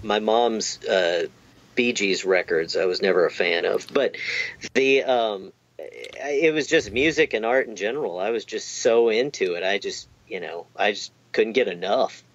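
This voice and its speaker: A man's voice: on the low side, unhurried, highs cut off. A man chatting in an interview, rambling and self-deprecating, with lots of fillers and restarts. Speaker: amp technician guest. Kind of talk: casual interview chat.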